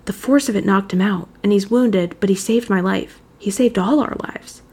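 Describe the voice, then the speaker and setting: An earnest eleven-year-old boy wizard, powerful yet shaken, put on by a woman reading a story aloud. The voice has a gravelly edge and a mellow, warm tone. It rides slightly higher than the narration around it. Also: fairly even intonation, fast talker.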